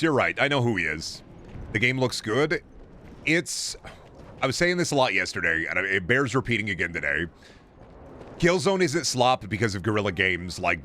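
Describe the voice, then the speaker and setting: A man's voice: lowish voice, sharp tone, slight background noise. A young man streaming a shooter game, giving sarcastic, profane commentary. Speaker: gaming streamer. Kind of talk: casual gameplay commentary.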